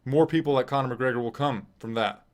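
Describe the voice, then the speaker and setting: A man's voice: medium pitch, a little fast. A man from Nebraska hosting a live fight stream, commenting casually with a chatty, self-deprecating, wry manner. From Nebraska, USA.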